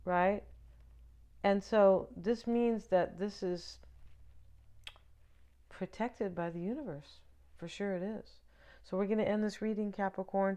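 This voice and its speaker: A woman's voice: medium pitch, fairly even intonation, measured pace, long pauses, dark tone, clean tone. A woman giving a casual tarot reading to her viewers, chatty and loose, often checking in with "right?" and "you know". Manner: chatty, many fillers and "right?" check-ins. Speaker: tarot reader.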